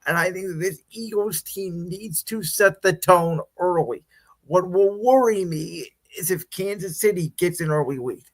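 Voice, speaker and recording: A man with a slightly higher voice than most, sounding weak and worn down from a recent illness. He chats casually on a sports podcast, restarting sentences often while arguing his views firmly. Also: a little slow. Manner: hesitant, frequent restarts, opinionated. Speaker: podcast co-host.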